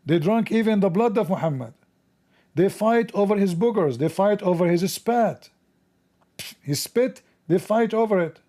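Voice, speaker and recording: Brief: male host, mellow dark timbre, fairly high voice, sarcastic commentary. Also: normal speed. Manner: sarcastic, animated, mocking. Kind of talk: casual commentary video.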